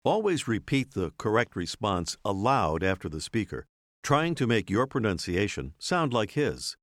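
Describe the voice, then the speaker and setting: Measured male course narrator. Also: lowish voice, sing-song, dry recording, studio quality. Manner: clear, measured teacher's delivery. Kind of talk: scripted instructional narration.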